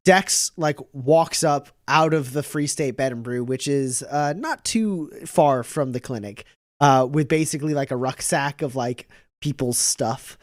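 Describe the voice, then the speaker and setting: A man running a tabletop game as game master, narrating in a relaxed way with many fillers. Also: medium pitch, unhurried, no echo, studio quality.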